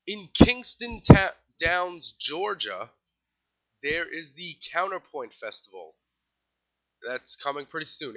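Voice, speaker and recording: A young man with a New York accent runs through festival lineups in a casual solo show, tossing in dry little jokes between band names. His voice sits at an ordinary middle pitch. The recording is a bit dull and lo-fi. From New York City. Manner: wry, offhand asides while rattling off lists. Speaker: music news show host.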